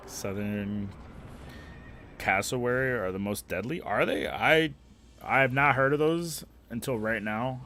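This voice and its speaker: A man's voice: fairly low pitch, a bit bright, slight background noise. A man streaming live, bantering casually with crude jokes and lots of swearing, rambling with fillers as he talks. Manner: rambling, with frequent fillers and restarts. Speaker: livestreamer. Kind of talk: casual livestream chat.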